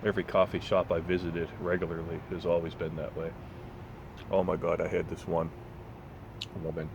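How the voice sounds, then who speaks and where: A man's voice: low-pitched, flat delivery, normal speed, muffled recording, background noise. A man telling a blunt, profane story in a casual rant, sometimes mocking other people's voices, recorded on a phone outdoors in town. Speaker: vlogger.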